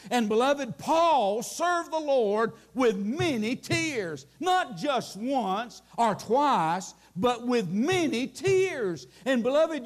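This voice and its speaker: A man, preaching a folksy sermon and quoting scripture. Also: high-pitched. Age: late 60s. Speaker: pastor.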